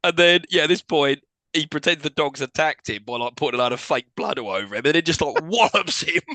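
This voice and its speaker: Male co-host, bright, lively delivery, quick laughs. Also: a little high, no room sound. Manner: quick, chatty, laughs often. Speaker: podcast co-host. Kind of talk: casual chat recapping a film.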